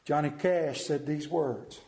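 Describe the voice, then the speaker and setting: A middle-aged man preaching a sermon in a church, telling stories dramatically, building to near shouts and dropping to hushed tones. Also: a little high, takes it slowly. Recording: echoey church room.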